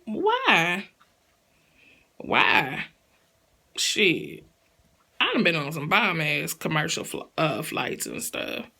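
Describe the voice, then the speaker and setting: A woman's voice: sits low, expressive, moderate pace, vocal fry, hardly any pauses, bright, forceful tone. A woman recapping a reality show in a sassy, blunt, slangy gossip style.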